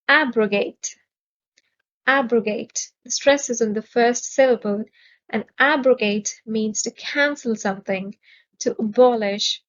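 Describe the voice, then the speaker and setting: A woman teaching English vocabulary in a measured, clearly enunciated way, stressing each syllable. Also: a little high, lo-fi sound. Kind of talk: slow, careful vocabulary lesson.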